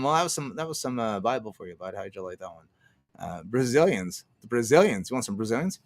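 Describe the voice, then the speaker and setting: A man's voice: medium pitch, expressive, fairly quick, a bit bright. A man ranting on a livestream, profane and sarcastic, laughing often and answering his chat. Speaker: streamer.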